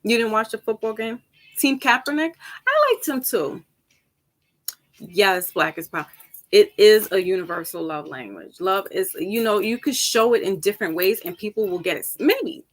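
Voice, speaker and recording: A woman tarot reader chatting casually with her viewers, rambling from topic to topic, laughing easily and jumping up high for emphasis. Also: very animated, moderate pace. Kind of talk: casual chat with viewers before a reading.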